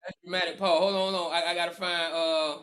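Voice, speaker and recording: Emphatic, animated male sports podcaster. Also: high-pitched, fast talker. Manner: animated, emphatic, repeats phrases for effect. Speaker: podcast co-host. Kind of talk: casual sports chat.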